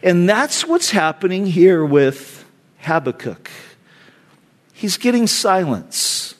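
A male pastor with a high voice preaches to his church, stressing words and repeating phrases for emphasis. His delivery climbs steeply when he voices anguished prayers, then settles back into steady teaching. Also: takes it slowly. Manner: emphatic preaching, voice rising sharply when voicing cries to God. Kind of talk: sermon.

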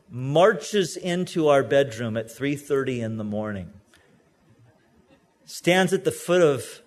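High-voiced pastor, slow and steady. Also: male voice. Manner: humorous, storytelling, reads scripture slowly. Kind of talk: sermon.

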